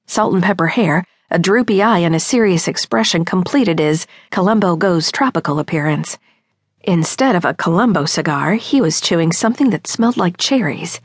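A woman's voice: lowish voice, expressive, normal speed, breathy edge, no room sound, clean studio sound. A woman narrating a comic mystery audiobook in the first person, with a wry, knowing storytelling manner.

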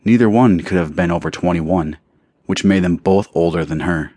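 A man with a very low voice reading an audiobook in measured, even narration. The recording is dry and close, with no room sound. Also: no room sound. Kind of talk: scripted narration.

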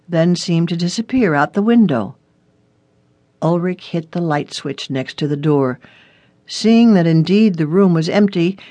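An audiobook narrator reading a suspense story in a steady, even way. The voice sits at a middle pitch and is recorded close and dry, with no room sound. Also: no echo, lo-fi sound. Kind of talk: scripted narration.

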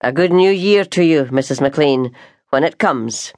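A tired, patient Scottish baker, as a woman reader lowers her voice for him, short and calm. He talks low and slow in a dry, close sound. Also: no echo. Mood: polite. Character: weary, patient middle-aged Scottish male baker.

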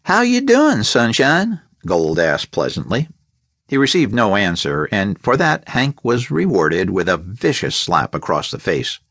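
Narrating an audiobook, a man with a mid-pitched, highly varied voice and a breathy edge reads slowly and deliberately, telling the story in a measured, expressive way. The sound is close, dry studio recording with no echo or room sound.

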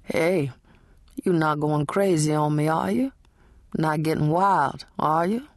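Audiobook: a woman playing a smooth young male lover, teasing, unhurried, a bit low. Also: no echo, clean studio sound.

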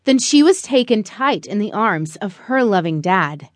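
A woman narrating a rhyming children's picture book in a slow, expressive storytelling manner. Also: mid-range voice, no room sound, clean studio sound. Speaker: audiobook narrator.

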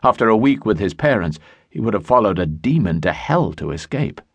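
A man narrating a historical romance audiobook in a measured storytelling voice, recorded in a studio. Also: lowish voice, very animated, husky, dry recording, lo-fi sound. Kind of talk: scripted narration. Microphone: studio mic.

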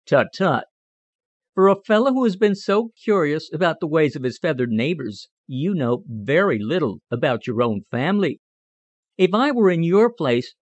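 A sharp, scolding little lady wren, as a male narrator puts her on for a storybook, raised high in pitch and full of brisk, teasing lectures. The sound is dry and a little muffled. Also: no echo. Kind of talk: audiobook character reading.

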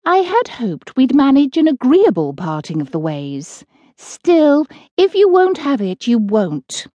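A woman voicing a kindly, sensible witch who talks gently and patiently, in a close dry studio recording. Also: high voice, huge pitch swings, a little slow, no room sound, highs cut off, pitched above the performer's own voice, full character voice.

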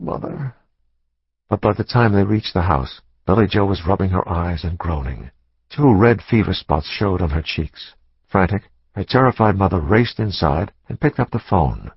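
Deep gravelly male audiobook narrator. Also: no room sound, dull audio. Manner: measured, dramatic thriller reading. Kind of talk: scripted narration.

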